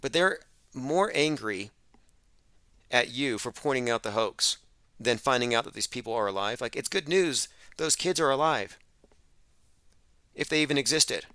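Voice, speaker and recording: Bright, sarcastic male radio host. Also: medium pitch, expressive, normal speed, pauses often, no room sound. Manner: emphatic, sarcastic. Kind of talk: open-phones radio monologue.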